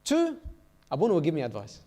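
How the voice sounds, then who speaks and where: Youth speaker, male, slightly raised pitch; church sermon told through stories, keeps asking "all right?". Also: wildly swooping pitch, quick pace, mellow.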